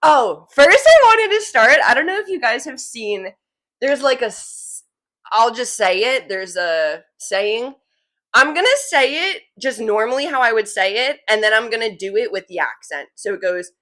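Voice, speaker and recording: A woman's voice: a little high, expressive, moderate pace, a bit bright. A woman in her twenties from New Jersey with a slight New Jersey accent, hosting her show in a chatty, rambling way full of "like". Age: 20s. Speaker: podcast host. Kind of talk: casual chat.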